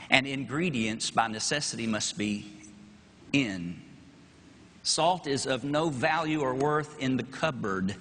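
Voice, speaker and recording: In a chapel full of long hall reverb, a middle-aged Texan pastor delivers a pulpit sermon in a fairly high, bright, forceful voice, with a little hiss or hum on the recording. He is rhetorical and emphatic, letting his voice rise and fall to drive points home.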